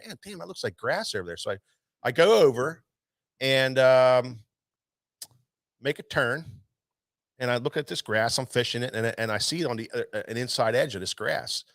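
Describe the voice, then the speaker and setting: Man, tackle shop host, rambling fishing yarn, animated, dry close recording. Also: medium pitch, a little fast, no echo. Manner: rambling, animated storyteller with many restarts. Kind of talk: casual storytelling chat.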